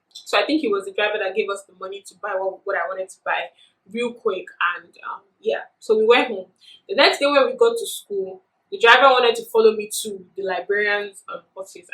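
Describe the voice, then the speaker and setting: A woman's voice: mid-range voice, roomy sound, low-quality recording. A young adult woman vlogger telling a personal story in a casual, chatty way with lots of fillers. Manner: chatty, animated retelling with many fillers.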